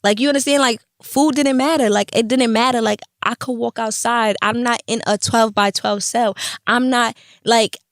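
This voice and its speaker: A young woman hosting a podcast, telling her story in a casual, animated and profane way, often acting out the voices of others. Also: a little high, normal speed, no echo, studio quality. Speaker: podcast host.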